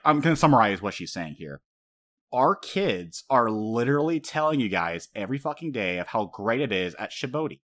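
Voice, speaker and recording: A young man talking in a casual, excitable way, his pitch leaping all over as he gets worked up. He swears freely and breaks into laughter often. His voice sits in an ordinary middle register. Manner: animated, profane, laughs often. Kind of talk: casual anime recap chat.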